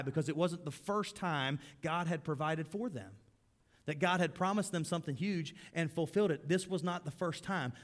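A man preaching a sermon as pastor, swinging between loud emphasis and hushed, low lines. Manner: acts out grumbling crowd voices in quotes.

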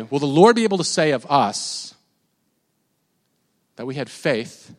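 Guy preaching in a church hall, kinda high voice, long echo, repeats words a lot. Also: sing-song, moderate pace, long pauses, fairly bright tone. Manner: conversational preaching, repeats words, shifts into prayer. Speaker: pastor. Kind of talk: sermon.

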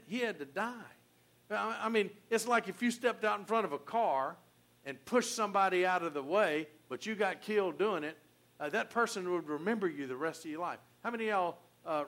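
An older man preaching a sermon in an earnest, folksy way, often restarting his sentences and swinging from quiet to loud. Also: fairly high pitch. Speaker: pastor.

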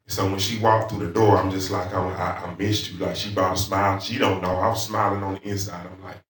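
A man with a Southern accent preaching a sermon in church, starting soft and halting with frequent pauses and rising to loud, fervent calls. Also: low-pitched, level tone. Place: church sanctuary. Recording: echoey church sanctuary, mic at a distance.

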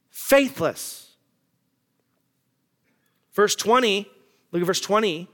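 Very high-voiced, emphatic male preacher. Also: bright, forceful tone, in a large hall. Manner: emphatic, asks the congregation rhetorical questions. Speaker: pastor. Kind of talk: sermon.

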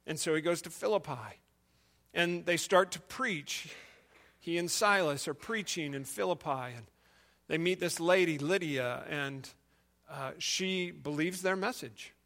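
A man's voice: high voice, measured pace, bright, forceful tone. A male preacher giving a sermon, retelling a story and asking the listeners questions.

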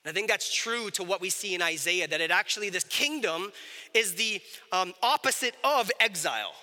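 A man's voice: high-pitched, lively intonation, normal speed, bright, forceful tone, in a large hall. A man preaching a conversational sermon, often checking in with his audience and asking them questions. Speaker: pastor.

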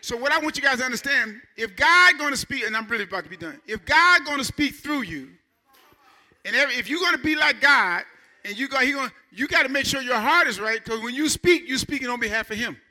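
Middle-aged male pastor, chatty preaching that climbs to shouts, high tense tone. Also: quick pace. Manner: animated, conversational preaching with rising shouts. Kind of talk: sermon.

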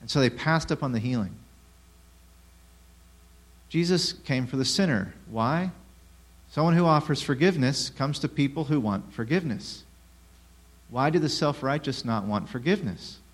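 A man with a mid-pitched voice preaches a sermon. He keeps asking the listeners questions and throws in sarcastic asides. His delivery swings between hushed and loud. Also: moderate pace, long pauses. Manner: rhetorical questions, lively shifts in loudness.

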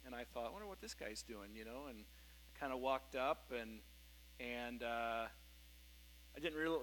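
A middle-aged man, a pastor, preaching a sermon in a relaxed storytelling way, with frequent fillers and restarts. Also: mid-range voice, a little hiss or hum, poor audio. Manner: conversational storytelling, many fillers and self-corrections.

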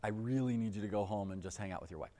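A man's voice: lowish voice, rapid-fire, mellow, pitched below the performer's own voice, natural voice. A man voicing a rash, self-serving biblical king, who talks in breezy modern slang during a sermon. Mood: smug. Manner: breezy casual modern talk. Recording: echoey hall with long reverb.

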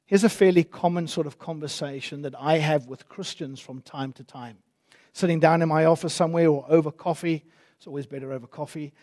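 A male pastor delivers a sermon in a church, pressing his listeners with emphatic rhetorical questions. His voice sits high for a man. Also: steady tone, a little fast, a little mellow.

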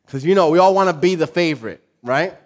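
A man preaching a sermon, telling a funny story and joking with his congregation, often repeating himself as he goes. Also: on the high side. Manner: lively, joking, talks to the congregation; halting, repeats words.

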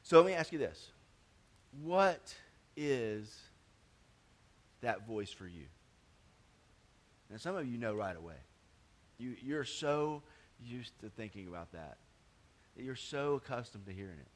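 A male pastor preaching a sermon, swinging between loud emphatic stretches and quiet low asides, often repeating words and restarting phrases. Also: lively intonation, unhurried, long pauses.

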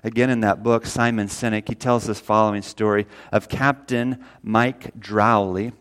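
A man's voice: lowish voice, fairly even intonation, normal speed, clear, resonant tone. Earnest man preaching a sermon. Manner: folksy, earnest preaching, rises loud when quoting scripture. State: briefly tearful. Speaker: pastor.

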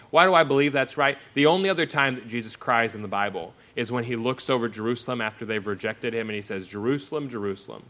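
A man with a bright, forceful voice delivers a sermon. He reads scripture aloud and explains it with earnest conviction, swinging between strong emphasis and hushed, slowed readings. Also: mid-range voice. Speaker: pastor.

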